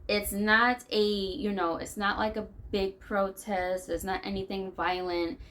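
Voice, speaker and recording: A woman's voice: medium pitch, little pitch movement, a little slow, fairly bright tone, low-quality recording. An American woman vlogging, talking her thoughts through in a loose, rambling way. Her tone is conversational and unscripted, the kind of venting talk that circles back on itself. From United States. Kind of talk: venting monologue.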